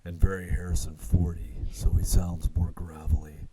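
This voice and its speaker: A man's voice: low voice, little pitch movement, moderate pace, warm tone, slightly rough, no room sound. A man on a casual podcast, describing things in a laid-back way. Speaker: podcast co-host. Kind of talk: casual chat.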